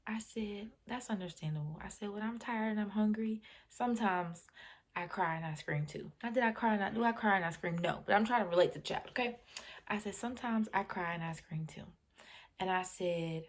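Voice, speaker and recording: A woman hosting her own channel, telling a story in a casual, unhurried way and dropping to a soft near-whisper when quoting herself. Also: on the low side, husky. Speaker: channel host.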